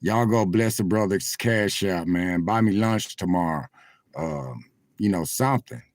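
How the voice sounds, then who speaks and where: His lowish voice runs a little slow, with no echo, as he streams live from his phone. Sitting in a car parked at a truck stop, he talks casually and directly to viewers, his words swelling like a preacher's.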